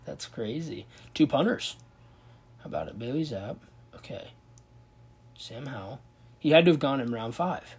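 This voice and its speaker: A man with a husky, somewhat breathy voice and a mid-range pitch hosts a casual sports commentary video. He thinks aloud and reacts with open disbelief as he goes. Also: animated, moderate pace, pauses often, a little mellow. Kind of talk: casual commentary on a football draft.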